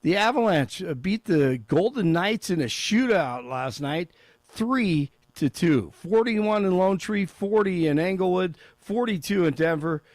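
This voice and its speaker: A man's voice: high voice, animated, a little slow, darkish tone, dry recording, studio quality. A man on talk radio reading a sports update and joking with the hosts, laughing often. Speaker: sports and news update anchor. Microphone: studio microphone.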